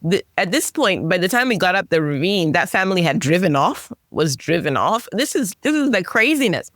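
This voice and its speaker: A woman guest on a podcast interview, telling a personal story in an animated way, with many restarts and self-corrections. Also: normal speed, dry recording, studio quality. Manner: animated storytelling, pitch jumps on emphasis.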